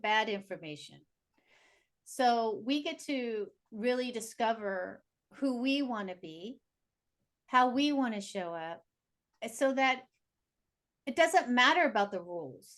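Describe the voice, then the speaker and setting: A woman guest chatting in an interview with a somewhat high voice. She tells her stories with energy and slips into the voices of the people in them. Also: measured pace. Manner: animated, acts out dialogue in her stories. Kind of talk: casual conversational storytelling.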